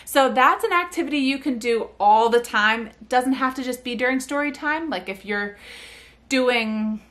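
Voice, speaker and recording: Chatty woman speech therapist, fairly high voice. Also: normal speed, fairly bright tone. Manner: chatty, breaks into sing-song baby talk when demonstrating. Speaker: speech-language pathologist. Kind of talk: casual instructional talk to parents.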